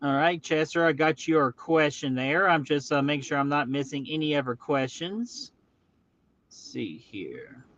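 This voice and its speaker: A man's voice: fairly high pitch, steady tone, moderate pace, few pauses, a bit bright, muffled recording. A man hosting a casual live stream, upbeat and greeting viewers in the chat one by one. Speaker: livestream host.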